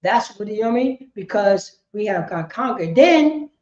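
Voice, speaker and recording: A woman's voice: medium pitch, expressive, normal speed, darkish tone. A woman leading an informal group lesson, quizzing her listeners and often asking "you know what I'm saying?". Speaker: class leader. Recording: echoey room, dull muffled sound.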